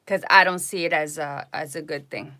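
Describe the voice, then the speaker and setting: A woman hosting a live tarot stream, telling stories to her viewers in an animated, indignant way with frequent asides. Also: deep voice, moderate pace, a little hiss or hum.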